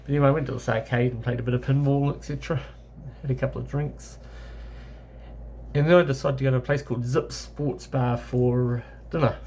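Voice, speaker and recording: A travel vlogger from New Zealand, speaking with a New Zealand accent, tells a casual travel story in a rambling way, correcting himself often and using many fillers. His medium-pitched, darkish voice is steady and brisk, with a little hiss or hum in the recording.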